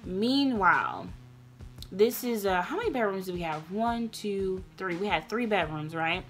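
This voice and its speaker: A young woman vlogger telling a personal story in a candid, rambling way, earnest and emotional, sometimes getting loud and passionate. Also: mid-range voice, expressive, a little slow, faint music behind. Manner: loose, rambling, many restarts.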